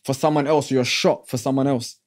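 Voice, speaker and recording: A man's voice: medium pitch, fairly even intonation, brisk. A man hosting a casual interview, talking in a reflective, preachy way with street slang. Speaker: podcast host.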